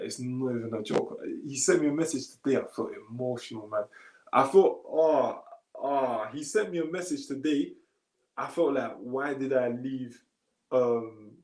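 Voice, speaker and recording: Streamer, man, gravelly voice, easygoing slangy chat, a bit tired. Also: mid-range voice, echoey room, poor audio. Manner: relaxed slangy talk, reads comments aloud. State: a little tired. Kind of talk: casual live stream chat.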